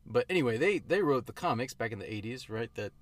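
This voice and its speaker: A man's voice: medium pitch, animated, quick pace. A man co-hosting a podcast, chatting casually and rambling, often correcting himself mid-thought. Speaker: podcast co-host. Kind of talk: casual chat.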